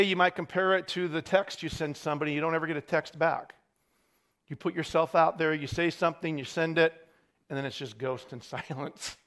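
A middle-aged man preaching a sermon as pastor, building to shouted peaks between wry parenting asides. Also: on the high side.

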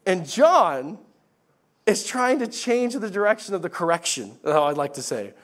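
A male pastor preaching a sermon in a chatty, animated way with laughing asides. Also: high-pitched, normal speed.

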